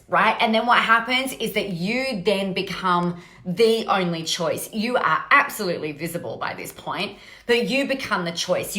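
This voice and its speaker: A woman's voice: medium pitch, a bit bright. A woman hosting a solo podcast, talking energetically in a rambling, casual way and often checking in with "right?". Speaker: podcast host. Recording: roomy echo.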